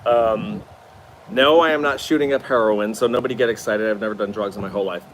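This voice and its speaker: A man's voice: on the low side, a little fast, slight background noise. A tired man hosting a casual live stream from his new apartment, chatting expressively and answering viewer comments. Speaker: livestream host.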